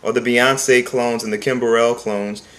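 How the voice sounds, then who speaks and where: A man's voice: medium pitch, steady tone, measured pace, fairly bright tone. Male vocal coach, mid-range voice, earnest and emphatic teaching delivery. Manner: talks plainly and sings short demonstration phrases; earnest, repeats points for emphasis. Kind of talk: singing lesson.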